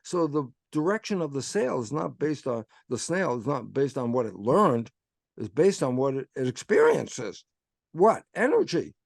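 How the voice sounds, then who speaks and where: A man's voice: medium pitch, sing-song, normal speed, vocal fry, no echo, studio quality. A man giving an explanatory talk as a guest speaker. He tells it as a story, acts out quoted dialogue with "I say" and "I go", and pushes his points with rhetorical questions. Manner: frequent self-quoting with "I say" and "I go".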